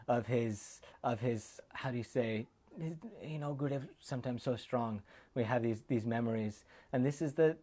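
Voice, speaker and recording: A man's voice: mid-range voice, a little mellow. Heartfelt man telling rambling temple stories. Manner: rambling and heartfelt, wanders off on tangents. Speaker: monk giving a remembrance talk. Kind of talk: informal sermon with personal stories. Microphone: camera recording.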